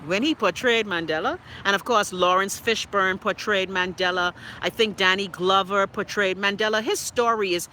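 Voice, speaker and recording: A woman hosting a live stream, reading viewer comments aloud and bantering with them in a teasing, animated way. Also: mid-range voice, normal speed, hardly any pauses, a little hiss or hum, rough recording. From Bahamas. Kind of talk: casual live chat. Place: outdoors in a city street.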